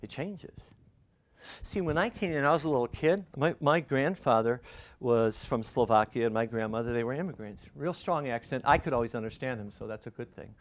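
A middle-aged male pastor preaching a conversational sermon, telling stories with lively restarts. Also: mid-range voice, brisk. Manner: conversational, animated storytelling with restarts.

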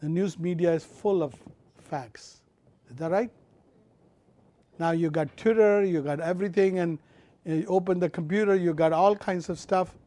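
Impassioned high-voiced male preacher. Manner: impassioned, swinging from loud emphatic to quiet low; repeats phrases, draws out key words slowly. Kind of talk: sermon.

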